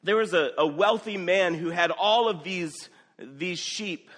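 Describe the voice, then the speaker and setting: A man voicing an earnest male prophet who tells a parable in a raised, animated voice. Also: high-pitched, a little slow, voice pushed up.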